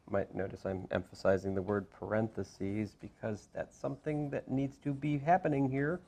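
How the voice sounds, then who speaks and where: A man lecturing as a math professor in a classroom, talking through each step with asides and quick self-corrections. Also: mid-range voice, animated, vocal fry, darkish tone. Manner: talks through steps with frequent asides and restarts.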